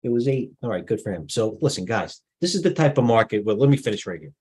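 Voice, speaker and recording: A middle-aged man hosts a live trading stream in a low, husky voice. He talks off the cuff, muttering asides and restarting sentences as he goes. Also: big pitch swings, quick pace, a little mellow, rough recording. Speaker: stock market live-stream host. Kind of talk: off-the-cuff market commentary.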